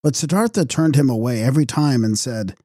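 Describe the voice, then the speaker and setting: Man, audiobook narrator, calm measured reading, mellow tone, dry sound. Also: mid-range voice, dry recording.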